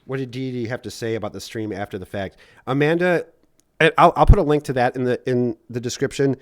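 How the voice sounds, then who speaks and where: A man hosts and talks over a replayed stream, teasing and sarcastic, often cutting in. His voice sits at an ordinary pitch, and the sound is dry and close. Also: fairly quick, no room sound. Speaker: host commenting on a replayed stream. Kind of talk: casual mocking commentary.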